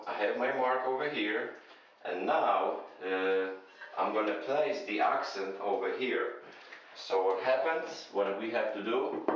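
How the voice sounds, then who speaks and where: Slow, low-voiced man in echoey bathroom. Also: a bit bright, a little hiss or hum. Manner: methodical, hesitant with frequent fillers. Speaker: tile installer. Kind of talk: step-by-step how-to narration. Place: bathroom under renovation. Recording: very echoey room, dull sound.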